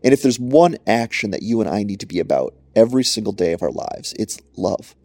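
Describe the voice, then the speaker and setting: A man's voice: fairly low pitch, lively intonation, a little fast, darkish tone. A man preaching a short podcast sermon into a close mic, emphatic and repeating his points for stress. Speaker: pastor.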